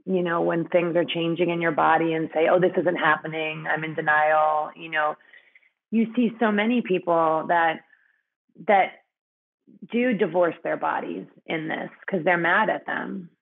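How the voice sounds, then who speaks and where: A woman's voice: fairly low pitch, creaky, narrow, tinny audio. A woman guest in a conversational interview, speaking frankly with many fillers and frequent laughter.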